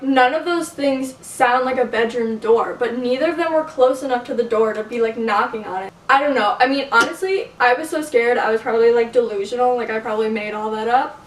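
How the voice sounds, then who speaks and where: A woman vlogging from her bedroom, telling stories in a chatty, profane way and saying "like" constantly. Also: a little high. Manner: chatty, profane, filler-heavy, says "like" constantly. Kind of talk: casual storytelling to camera. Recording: echoey room, mic at a distance, faint hiss.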